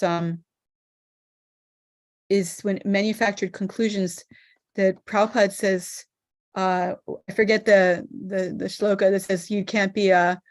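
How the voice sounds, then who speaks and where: A woman moderating an online scripture study discussion, speaking thoughtfully with frequent pauses and fillers. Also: medium pitch, a little mellow. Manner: thoughtful, hesitant, many fillers.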